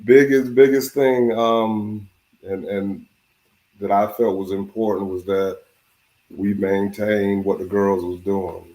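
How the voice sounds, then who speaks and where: A man, the father, speaking in a quiet, halting, slow way. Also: lowish voice, flat delivery, rough recording. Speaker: father and husband. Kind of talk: casual family conversation.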